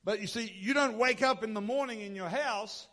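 A man preaches a sermon from the pulpit. His voice sits high for a man. He drives his points with rhetorical questions and repeated lines. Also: moderate pace, bright, forceful tone. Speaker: pastor.

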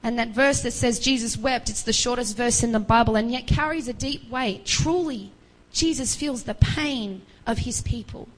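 A woman's voice: fairly high pitch, moderate pace, few pauses, low-quality recording. A woman preaching a sermon, retelling a Bible story earnestly and acting out the voices of its figures with pleading rises.

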